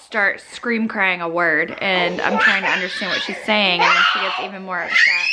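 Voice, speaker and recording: A woman filming a casual daily vlog at home, chatting to the camera and gently to her toddler. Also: mid-range voice, very animated, moderate pace, few pauses. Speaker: mom vlogger. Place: family home, indoors. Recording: noisy home camera recording.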